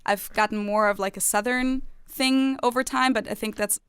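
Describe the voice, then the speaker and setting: A woman's voice: fairly high pitch, steady tone, normal speed, fairly bright tone, clean tone, dry recording, clean studio sound. A young woman from Germany with a light German accent, chatting casually as a podcast co-host and laughing at herself often. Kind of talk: casual chat.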